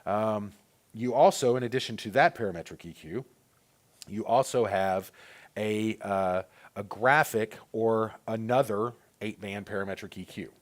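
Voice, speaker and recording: Low-voiced man explaining software casually. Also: unhurried. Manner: relaxed, filler-heavy explaining. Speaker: presenter of a training webinar. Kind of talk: casual technical walkthrough.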